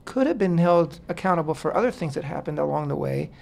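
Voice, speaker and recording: A man co-hosting a Torah discussion on talk radio, speaking in a measured, hesitant way with frequent fillers. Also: on the high side, lively intonation, vocal fry, darkish tone. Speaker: radio co-host.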